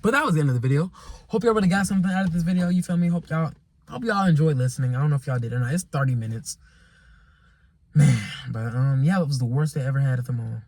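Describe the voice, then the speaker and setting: Young male vlogger, rambling storytime, repeats himself, slightly high voice. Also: fast, darkish tone, dry recording. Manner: repetitive, rambling, exasperated; casual slang. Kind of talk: casual storytime monologue.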